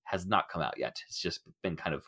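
Animated man hosting a podcast. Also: low-pitched, a little fast. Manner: animated, laughs often, acts out quoted voices. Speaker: podcast host. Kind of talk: casual podcast discussion.

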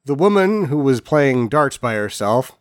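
A man's voice: mid-range voice, sing-song, a little slow, no room sound. A man in a casual chat recapping a movie with wry, dry humor.

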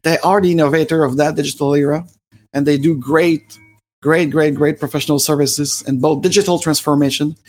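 A man's voice: on the high side, steady tone, a little fast, darkish tone. A French-Canadian man in his forties with a Quebec French accent, hosting a rambling live stream with many fillers and restarts. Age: 40s. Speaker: livestream host.

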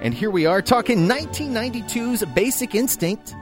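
A man's voice: high-pitched, expressive, a little fast, over music. A man hosting a casual movie podcast, joking and bantering with his co-hosts. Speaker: podcast host, film editor.

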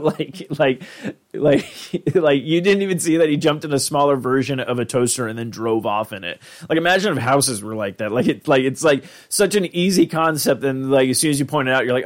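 A young man hosting a podcast, rambling through an episode recap with lots of "like" and "uh", and jumping into a high voice to act out characters' lines. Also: moderate pace. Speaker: podcast host.

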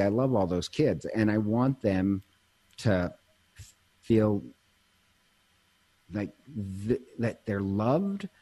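A priest chats casually and tells stories, breaking off mid-sentence and laughing easily. His voice is lowish and mellow.

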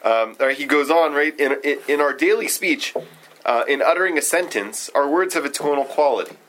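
Halting man leading a study group. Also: on the high side, fairly bright tone, a little hiss or hum, rough recording. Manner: halting, many fillers and restarts. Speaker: discussion leader. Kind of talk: casual study group discussion.

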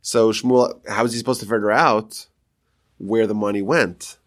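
A man, a rabbi, teaching a Talmud story with animated storytelling and quoted voices. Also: lowish voice, moderate pace.

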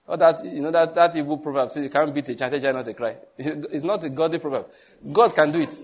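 A man's voice: fairly high pitch, brisk. A middle-aged man, a pastor giving an earnest sermon-style testimony with chuckles and repeated phrases. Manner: storytelling, earnest, with chuckles and repetitions. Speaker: pastor teaching on prayer.

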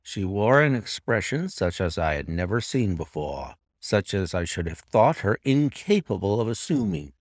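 A man reading a classic story aloud in the first person, with expressive, dramatic narration. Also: lowish voice, moderate pace, few pauses, no room sound, clean studio sound.

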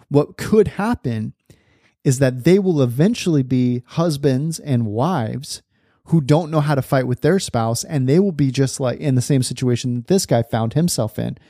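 A man in his thirties talks casually on his podcast, a chatty host who laughs often. His voice is mellow and warm. The recording is dry and close. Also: medium pitch, dry recording.

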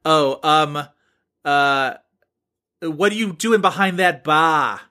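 A man's voice: a little high, slow, bright, forceful tone. A man co-hosting a podcast in casual chat, rambling with many fillers and laughs. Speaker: podcast co-host.

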